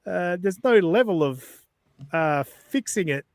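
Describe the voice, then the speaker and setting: A man's voice: high voice, animated, measured pace, no room sound, clean studio sound. A man hosting a podcast in casual banter, blunt and profane, laughing between jabs. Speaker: podcast host.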